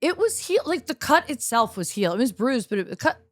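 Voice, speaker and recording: Animated middle-aged woman comic. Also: high voice, fast, no room sound. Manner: animated, laughing comic storytelling. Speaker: guest comedian. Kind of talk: casual podcast chat.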